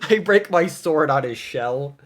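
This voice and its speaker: A young man casually retelling a tabletop game session, animated and laughing as he goes. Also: on the high side, normal speed. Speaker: player recapping a campaign. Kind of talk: casual storytelling recap.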